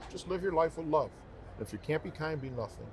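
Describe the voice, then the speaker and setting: Guy talking in a podcast interview, super animated voice going up and down, repeats stuff to make a point. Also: fairly high pitch, a little fast, a little hiss or hum. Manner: emphatic, animated storytelling; repeats himself, heartfelt. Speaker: professional singer, guest. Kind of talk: casual interview chat.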